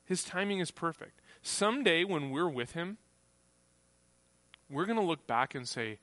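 Bright-voiced male preacher, dry close sound. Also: on the high side, animated, unhurried, pauses often, dry recording. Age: adult, grew up on a farm family. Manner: conversational preaching, acts out quoted voices. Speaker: pastor. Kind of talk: sermon.

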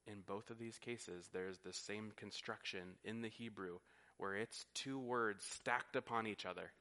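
A man's voice: sits low, pushed and bright. A man preaching a sermon, teaching earnestly and often repeating words as he goes. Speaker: pastor.

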